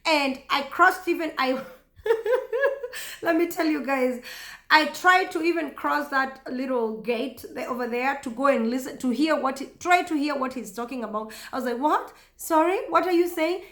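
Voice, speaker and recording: A woman with a Kenyan accent telling a story casually to camera, chatty and animated, often laughing. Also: high-pitched, moderate pace. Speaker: vlogger. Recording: echoey room.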